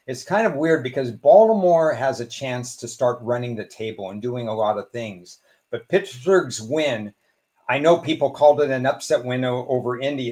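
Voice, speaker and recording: A man talking as a guest on a sports betting show, giving measured, analytical football picks and thinking aloud with small restarts. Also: mid-range voice, a little mellow. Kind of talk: casual sports betting talk.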